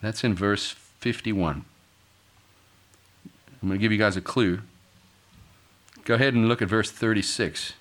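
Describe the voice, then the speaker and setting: A middle-aged male pastor preaching a sermon, acting out quoted voices and building to loud, forceful peaks. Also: fairly low pitch, fairly even intonation, a little slow, pauses often. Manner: dramatic, acts out quoted voices, rises to shouting peaks.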